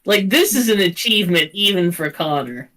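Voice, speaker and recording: A game master chatting casually with players at a tabletop game, animated and swearing freely. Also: medium pitch, moderate pace, poor audio.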